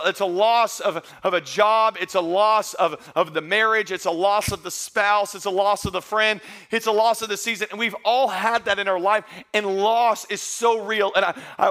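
A male pastor delivers a sermon to his congregation in a church service. His voice sits high for a man and sounds bright and forward. He preaches earnestly and conversationally, often restarting and repeating words as he goes.

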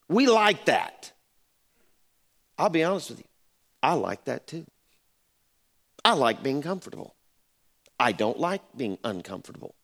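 A man's voice: mid-range voice, fairly bright tone. A middle-aged man preaching a sermon in a church, telling stories conversationally and building to emphatic exhortation. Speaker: pastor. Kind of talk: sermon with storytelling.

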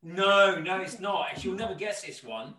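A man's voice: high-pitched, animated, a little fast, pushed and bright. Joking man, roomy and distant. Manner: joking, teasing, laughs often. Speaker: guest. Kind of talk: casual chat. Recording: roomy sound, away from the mic.

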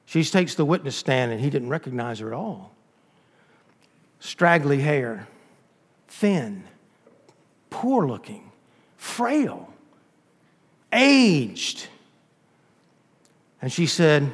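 A man preaching with a high, ringing voice, acting out a courtroom story with fervor. His voice carries the long reverb of a large hall. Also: lively intonation, a little slow, pauses often. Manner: dramatic, acting out characters with rising intensity. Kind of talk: sermon storytelling.

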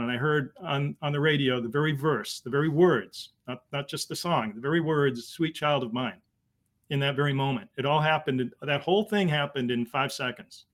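A man, telling a personal story as a guest, halting and emotional with many restarts. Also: mid-range voice, fairly bright tone. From Boston area. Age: 50s. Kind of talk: conversational storytelling.

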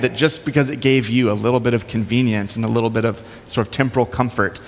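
A man's voice: medium pitch, steady tone, quick pace, long reverb tail. A man preaching a sermon in a conversational way, with casual asides. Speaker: pastor.

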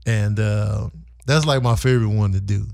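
A man guesting on a live show, chatting in a relaxed way. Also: fairly low pitch, moderate pace, creaky. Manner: relaxed, says "man" a lot. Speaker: comedian guest. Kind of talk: casual chat.

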